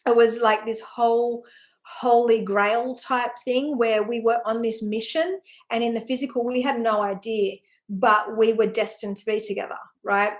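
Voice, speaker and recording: Woman, slightly high voice, spiritual talk, rambling, heartfelt, lots of "like" and "right?". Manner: earnest, emotional storytelling with sighs. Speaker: spiritual teacher.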